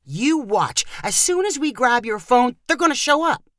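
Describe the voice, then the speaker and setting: A woman's voice: a little high, very animated, normal speed, fairly bright tone, no echo, studio quality, pitched above the performer's own voice. A woman voicing a complaining, flippant young man. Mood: smug. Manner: whiny, complaining.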